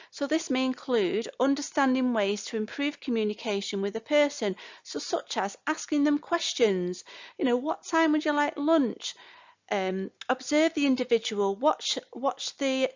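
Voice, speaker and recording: Chatty older woman tutor, lo-fi sound. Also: on the high side. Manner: chatty, many fillers and "you know" asides. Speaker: care course tutor. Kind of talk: recorded lecture. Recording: dull lo-fi recording.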